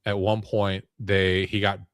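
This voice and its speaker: A man in casual chat, telling a long rambling story in an animated way. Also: lowish voice, measured pace, clean tone, no room sound, clean studio sound.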